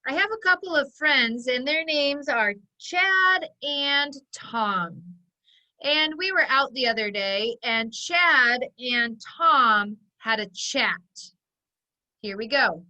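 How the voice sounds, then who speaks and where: A woman phonics teacher giving an online lesson, dictating sentences slowly and clearly for young children. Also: high-pitched, animated, bright, forceful tone, poor audio. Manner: slow, clear dictation, stretching words out for children.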